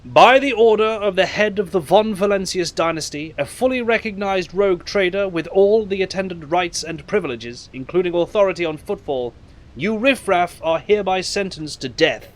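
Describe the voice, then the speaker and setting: A man's voice: sits high, expressive, moderate pace, pitched above the performer's own voice, low-quality recording. A man voicing a stern seneschal in a formal officer's tone. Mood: commanding.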